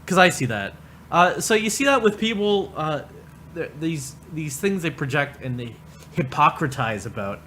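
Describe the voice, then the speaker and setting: Casting: male streamer, bright tense tone, crude mocking ramble. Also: fairly high pitch, lively intonation, moderate pace, slight background noise. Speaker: livestreamer. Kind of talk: profane livestream rant.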